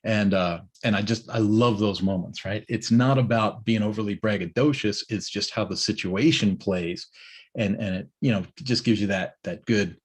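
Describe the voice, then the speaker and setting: Husky middle-aged man telling a story. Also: fairly low pitch, normal speed. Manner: storytelling with many restarts, acts out quoted riders. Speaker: business owner giving a morning check-in. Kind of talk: casual spoken monologue.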